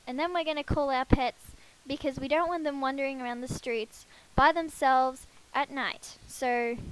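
Woman gamer on a headset, high-pitched voice, casual self-deprecating commentary. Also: rough recording. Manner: chatty, self-deprecating, talks to her game characters. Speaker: let's play gamer.

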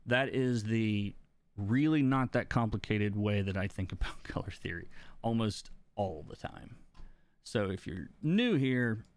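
A man teaching coloring on a live stream, explaining his ideas in a relaxed way, chuckling now and then and answering questions from chat. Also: on the low side, measured pace. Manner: relaxed, explanatory, laughs between points. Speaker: comic book colorist and teacher. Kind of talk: live-stream art lesson, reading chat.

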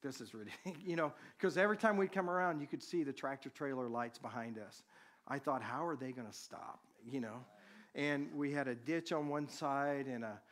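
Pastor telling a story from the pulpit. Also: male voice, mid-range voice, moderate pace. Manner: conversational storytelling, animated when excited. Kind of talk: sermon with personal story.

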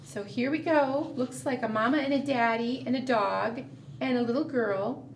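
A woman librarian reading a picture book aloud at a preschool storytime, gentle and sing-song, asking the children questions. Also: fairly high pitch, normal speed, roomy sound, recorded from a distance, slight background noise.

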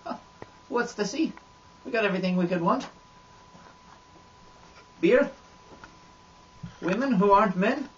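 A man's voice: high voice, unhurried, pauses often. A man putting on a rambling Irishman with a crude, boastful swagger. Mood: deadpan rambling. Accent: put-on Irish. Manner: rambling absurd deadpan monologue. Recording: dull lo-fi audio with faint noise.

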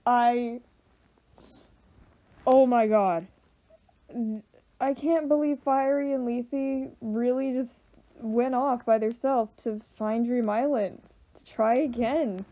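A young woman giving emotional reaction commentary, choked up and halting, with many fillers and restarts. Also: a little high, fairly even intonation, dark tone, low-quality recording. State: choked up, voice tearful. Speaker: video reactor.

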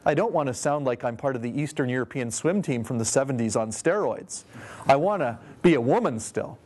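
A man voicing a woman who protests quickly that she wants to keep her femininity. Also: medium pitch, lively intonation, a little mellow, natural voice. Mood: protesting. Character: woman worried about losing her femininity.

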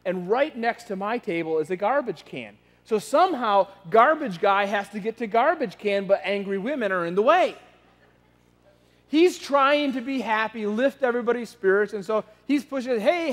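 A man telling a story from the pulpit, his voice high for a man and relaxed, often stumbling and restarting mid-phrase. The sound carries a long reverb, as if the sermon fills a large hall. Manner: conversational, frequent restarts and repeated words. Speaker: pastor.

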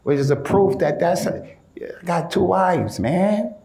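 A male preacher giving an informal, animated sermon in casual street slang, often calling his listeners "man". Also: sits high, measured pace, gravelly, reverberant.

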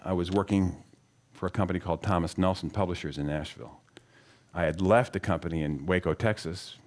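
A man's voice: low voice, a little mellow. A middle-aged man giving a conversational Bible talk, telling personal stories and putting questions to his listeners. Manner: asks the audience questions, storytelling, earnest. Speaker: speaker teaching scripture.

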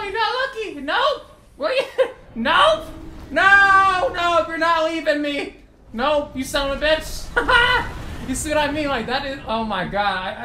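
A man giving excitable gameplay commentary, trash-talking opponents and swearing a lot. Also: high-pitched. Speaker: gaming YouTuber. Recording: roomy echo with faint noise.

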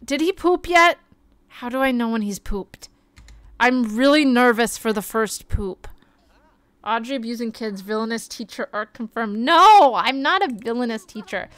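A young woman streaming a game, chatting excitably and gasping as she plays. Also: a little high, normal speed, smooth, dry recording. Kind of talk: casual gameplay commentary.

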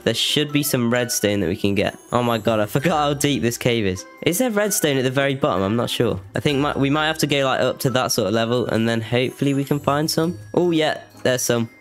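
A man giving casual let's-play commentary on his game, chatty and quick to exclaim in alarm. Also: on the high side. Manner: chatty, exclaims and panics when mobs attack. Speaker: gaming YouTuber.

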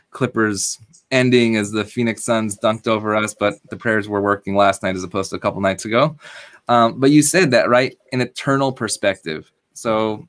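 A man's voice: lowish voice, a bit bright, clean tone. A man, a rabbi, hosting an interview and asking long, conversational questions.

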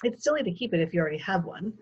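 Woman putting on a prim shrill guest lady, storybook, husky lo-fi. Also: lively intonation, racing. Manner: shrill, fussy. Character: prim, easily offended middle-aged woman guest.

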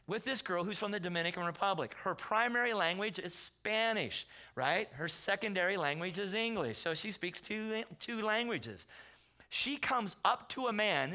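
A man preaching a sermon in a Southern California accent. He tells stories in a loose, conversational way and acts out the quotes in loud bursts. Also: high voice. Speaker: pastor. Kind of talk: sermon with storytelling. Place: church sanctuary.

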